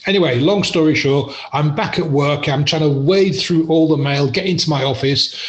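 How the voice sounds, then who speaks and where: A man's voice: fairly high pitch, moderate pace, reverberant, highs cut off. A middle-aged English man, a podcast guest, telling stories in a chatty, self-deprecating way and laughing often. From England. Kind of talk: casual storytelling interview.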